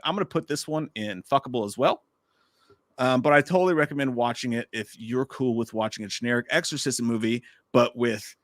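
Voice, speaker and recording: A man's voice: mid-range voice, fairly bright tone, no room sound, studio quality. A man hosting a casual live stream, ranting animatedly and swearing freely with jokey asides. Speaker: host.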